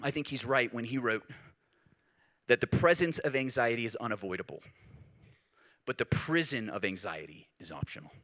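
A man preaching a sermon as pastor, talking in a lively, conversational way and acting out the voices he quotes. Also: mid-range voice.

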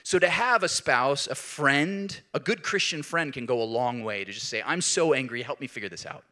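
Bright, animated male preacher. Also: medium pitch, normal speed. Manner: animated, rising to emphatic peaks. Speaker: pastor. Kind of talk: sermon.

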